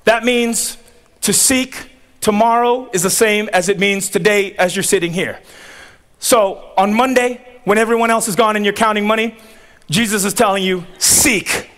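A man giving a commencement sermon, driving points home with rhythmic repetition and pauses. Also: high voice, steady tone, a bit bright. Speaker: commencement speaker.

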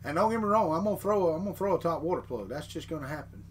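A man's voice: on the high side, animated, racing, slight background noise. A middle-aged man, chatting casually and telling rambling folksy stories on a morning live stream. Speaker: 3D printing vlogger reading chat.

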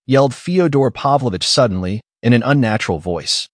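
A man narrating a classic novel audiobook in an expressive, measured voice, close to the mic. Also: mid-range voice, dry recording. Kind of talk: scripted narration.

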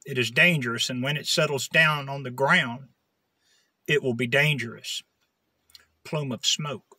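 A man's voice: medium pitch, steady tone, measured pace, pushed and bright, breathy edge, no echo. A man reciting a prophetic passage in a rhythmic, rhyming declamation.

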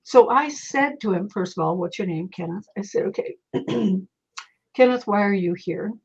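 Husky-voiced woman telling stories. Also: mid-range voice, normal speed. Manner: animated, quotes voices in her stories. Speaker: psychic guest. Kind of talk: conversational storytelling. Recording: muffled lo-fi audio.

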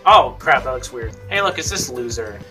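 A gaming YouTuber doing let's play commentary, excitable, yelping and laughing at jump scares and tossing out mock insults and silly jokes. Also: mid-range voice, moderate pace, faint music behind.

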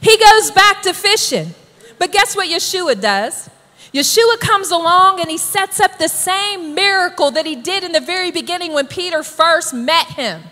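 A woman preacher delivering an emphatic, exhorting sermon that builds to shouted calls to the congregation. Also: very high-pitched, lively intonation, normal speed, in a large hall.

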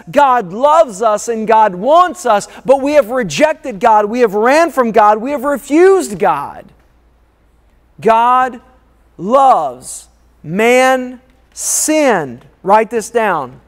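A man preaching a sermon as a pastor, emphatic and repetitive, calling for responses from the congregation. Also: very high-pitched. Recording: long reverb of a large hall.

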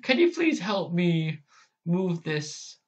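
A man's voice: high voice, sing-song, takes it slowly, a little mellow, voice pushed up, exaggerated voice. A man voicing a dramatic, prissy female pony in a fussy, sing-song way. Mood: pleading.

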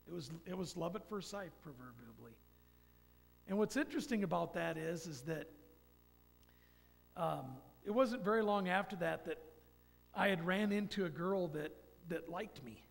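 A man's voice: high-pitched, lively intonation, normal speed, vocal fry, long pauses. A man in his fifties giving a folksy, rambling personal testimony in church. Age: 50s. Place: church sanctuary. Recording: long church hall reverb.

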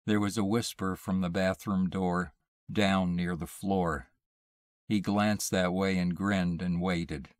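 A man reading a short story aloud in a measured, deliberate storytelling manner. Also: sits low, steady tone, no room sound. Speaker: audiobook reader.

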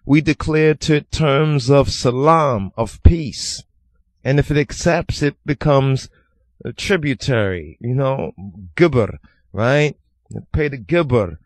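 A man teaching a psalm line by line, speaking deliberately, repeating words as he searches, and mixing Amharic and Hebrew terms into English. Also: mid-range voice, expressive, no echo. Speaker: Bible teacher. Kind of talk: scripture study teaching.

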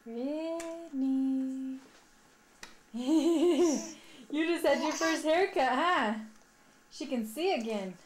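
A woman, a mother filming her toddler, talks in sing-song baby talk with squeaky coaxing calls. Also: very slow, long pauses. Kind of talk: home video baby talk.

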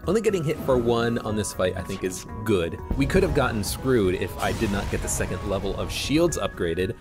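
A man with a low, easy voice talks through his moves as he plays, in a relaxed, thinking-out-loud way. Game music plays clearly behind him. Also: a little fast. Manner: casual, thinking aloud while playing. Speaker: gameplay commentator. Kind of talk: let's play commentary.

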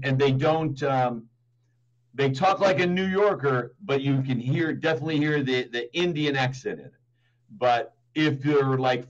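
A man tutoring English over a video call, talking in a relaxed, encouraging way and often repeating words. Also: mid-range voice, lo-fi sound. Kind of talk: casual tutoring chat.

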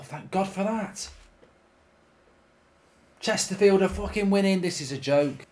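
A man with a high, darkish voice runs his own gaming channel, commentating live over a football management game. His delivery is packed with rants, swearing and exasperated outbursts.

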